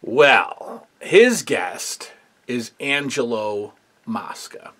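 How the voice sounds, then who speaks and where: A man's voice: medium pitch, big pitch swings, drawn-out words, fairly bright tone. A man hosting a casual review show, talking in a rambling, opinionated way with lots of fillers. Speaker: wrestling history show host.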